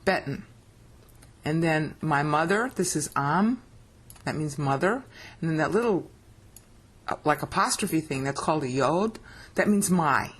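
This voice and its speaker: A woman's voice: low voice, animated, measured pace, long pauses, breathy edge. A woman giving a screen-share scripture lesson, explaining step by step with emphasis and often checking that the listener follows. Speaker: Bible teacher.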